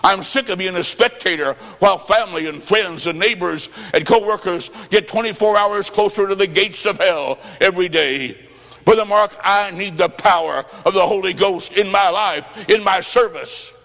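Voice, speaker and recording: A male preacher delivering a revival sermon, swinging from loud shouts to low, quiet lines. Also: moderate pace, vocal fry, long reverb tail. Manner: preaching with sudden shouts and drops to low tones. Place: church sanctuary.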